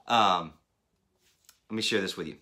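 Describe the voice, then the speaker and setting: A man in his thirties preaching a sermon as a pastor, animated and acting out voices as he speaks. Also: low voice, a little slow. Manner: animated, acts out phone voices. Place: church hall.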